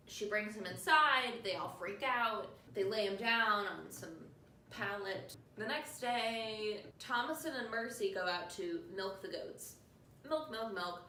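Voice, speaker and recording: A woman's voice: mid-range voice, pushed and bright, roomy sound, recorded from a distance, a little hiss or hum. A woman hosting a casual podcast, recapping a movie in a chatty, sarcastic way and acting out the characters' lines. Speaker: podcast host.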